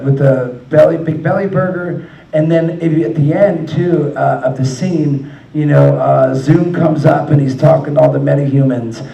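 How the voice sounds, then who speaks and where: A warm, creaky man's voice on the higher side, with the highs cut off, belongs to a convention panel guest telling loose, swear-filled stories and laughing a lot. Sound comes from a distant mic in an echoing hall.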